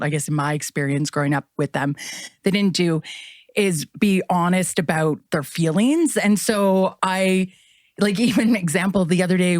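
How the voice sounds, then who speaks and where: A woman's voice: on the low side, no room sound, clean studio sound. A woman hosting a podcast, sharing candid, reflective stories in casual chat. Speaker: podcast host.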